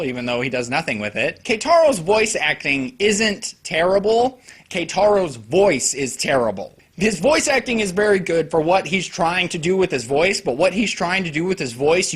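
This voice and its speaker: A young man giving a casual, profane and sarcastic anime review, now and then bursting loud as he mimics characters. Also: on the high side, slightly rough.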